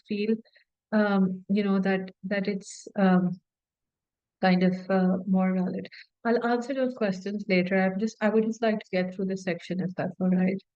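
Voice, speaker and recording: Female medical tutor, casual teaching delivery, a touch high-pitched, dry and slightly muffled audio. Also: darkish tone, no echo. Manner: conversational, often repeats words for emphasis and slips in fillers. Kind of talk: informal teaching talk.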